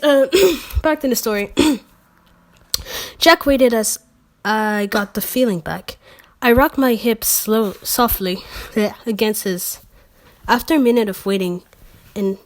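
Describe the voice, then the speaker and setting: Woman host, mocking fanfic read-through, sarcastic asides, trips over words. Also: medium pitch. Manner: sarcastic asides, slips and self-corrections. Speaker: channel host. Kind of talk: mocking reading of fan fiction.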